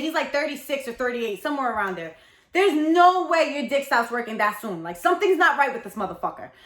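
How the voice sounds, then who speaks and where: A woman in her thirties telling a candid storytime confession, animated, dramatic and blunt, with lots of profanity. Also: high voice, roomy sound. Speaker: storytelling vlogger.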